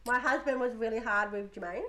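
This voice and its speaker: A woman's voice: fairly high pitch, a little fast, fairly bright tone. A middle-aged woman, co-hosting a casual podcast chat, blunt, swearing freely and laughing often. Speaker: podcast co-host.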